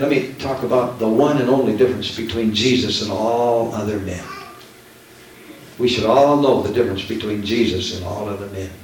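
A man preaching a Pentecostal sermon from the platform to his congregation, fervent and full of emphatic repetition. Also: mid-range voice. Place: church. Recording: very echoey church hall, mic at a distance, faint noise.

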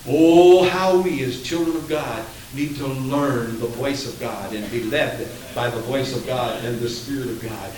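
A man preaching a sermon in a dramatic manner, swinging from loud to hushed, recorded in an echoey hall from far off. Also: a little high.

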